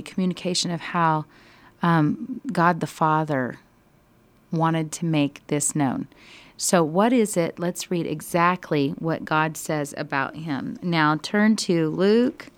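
A woman leading a casual Bible study, directing readings and asking questions, and growing animated and emphatic when moved. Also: low voice, smooth, no room sound.

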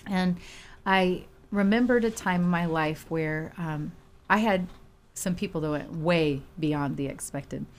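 A middle-aged woman telling a personal story in casual chat, animated and laughing often. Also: lowish voice, unhurried. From Houston, Texas.

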